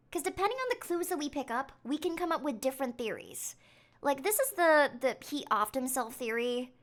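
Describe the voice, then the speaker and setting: A woman streaming a mystery game, chatting excitably and thinking out loud as she investigates. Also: high-pitched. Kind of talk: live game commentary.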